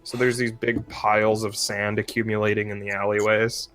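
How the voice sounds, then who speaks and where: A man as game master, narrating a tabletop game in a loose, relaxed way, filling his lines with "like". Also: lowish voice, moderate pace, faint music behind.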